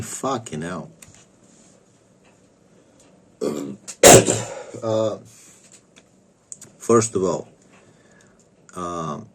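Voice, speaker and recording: A man in his thirties from Bulgaria, ranting casually in a crude, rambling way with stammered repeats. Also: deep voice. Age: 30s. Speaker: vlogger. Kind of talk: casual rant.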